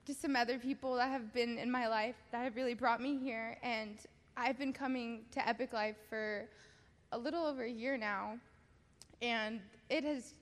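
A young woman giving a halting personal testimony at a church service, laughing often and filling pauses with "um". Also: a little high, steady tone. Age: young adult. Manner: giggly, halting, many fillers. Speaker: baptism candidate giving testimony. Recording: hall reverb.

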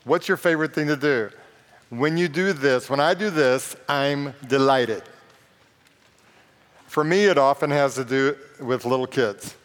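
A man's voice: medium pitch, measured pace. Man preaching casually in an echoing hall. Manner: conversational and joking, reading scripture aloud. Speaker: pastor. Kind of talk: sermon. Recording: long reverb of a large hall.

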